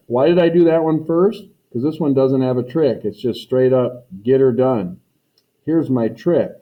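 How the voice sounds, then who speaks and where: A man teaching a math lesson in a folksy way, talking students through each step and repeating his catchphrases. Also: medium pitch. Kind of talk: recorded classroom lesson. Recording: tinny phone-like recording.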